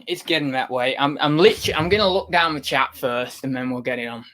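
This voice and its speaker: A man's voice: medium pitch, fast, pushed and bright. A young man chatting casually on a livestream, rambling with many restarts and getting exasperated with his chat.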